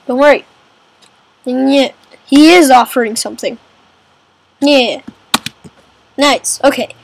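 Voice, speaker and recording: A woman with a high, creaky voice speaks slowly in a rough recording with a little hiss or hum. She's playing a kingdom game and giving chatty let's-play commentary, exclaiming often and calling everyone man and dude.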